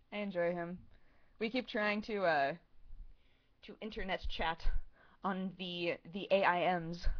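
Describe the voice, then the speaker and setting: A woman's voice: on the low side, a bit bright. A young woman in her twenties chatting casually on a livestream, answering viewer questions in a rambling, giggly way full of "like" and "um". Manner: rambling, giggly, heavy use of "like" and "um". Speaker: streamer answering chat questions. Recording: dull lo-fi stream audio.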